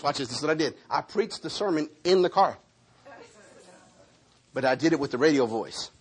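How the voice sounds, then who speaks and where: A man preaching a sermon, speaking prophetic words over a congregation member and telling lively stories. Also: on the high side, fairly quick, pauses often. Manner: animated storytelling with prophetic declarations. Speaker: pastor.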